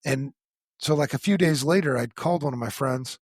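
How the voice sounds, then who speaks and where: A man's voice: mid-range voice, fairly quick, husky, no room sound, studio quality. A middle-aged man co-hosting a podcast, telling a candid personal story in a blunt, profane, frank way. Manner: blunt and profane, frank about his struggles. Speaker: podcast co-host.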